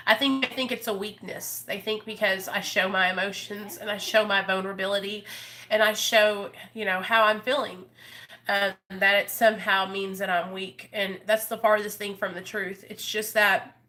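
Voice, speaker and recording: Talking heartfeltly with her viewers on a live chat, a woman YouTuber rambles and often starts her thoughts over, emotional and sincere. She has a mid-range voice that is bright and forceful.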